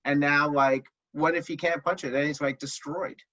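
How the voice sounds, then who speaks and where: A man's voice: on the high side, fairly even intonation, normal speed, pushed and bright. A man co-hosting a casual comic book chat, enthusiastic and filler-heavy. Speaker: podcast co-host. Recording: dull lo-fi sound.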